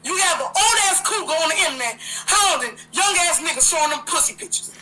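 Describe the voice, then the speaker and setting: Woman host, very high bright voice, fiery profane livestream rant. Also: expressive, quick pace, slight background noise, rough recording. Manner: profane, confrontational, repetitive.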